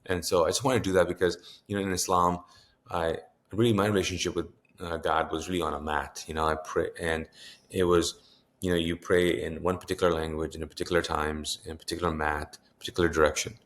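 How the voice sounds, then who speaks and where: A man's voice: deep voice, flat delivery, quick pace, fairly bright tone. A man in his fifties, a pastor, earnestly recounting a personal story in an interview and acting out the voices of people he quotes. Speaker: pastor and author, interview guest.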